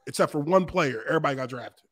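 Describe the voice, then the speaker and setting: A man's voice: fairly high pitch, fast. A man talking as a guest on a late-night show, telling stories with lots of swearing and animation. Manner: animated, profane storytelling. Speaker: guest, former football player. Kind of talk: casual late-night chat.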